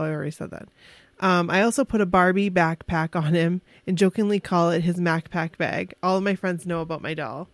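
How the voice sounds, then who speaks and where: Woman, fairly low voice, casual podcast chat, emotional storytelling, dry close sound. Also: fairly quick, no room sound. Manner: excitable, emotional storytelling with laughs and restarts.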